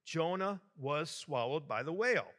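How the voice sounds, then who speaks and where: A plucky, devout little schoolgirl answers with earnest, matter-of-fact certainty as a man puts her on. The voice is bright and sits on the high side. She is a character in a joke told from a pulpit. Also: lively intonation, a little slow. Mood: undaunted. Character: devout little schoolgirl, undaunted and quick-witted.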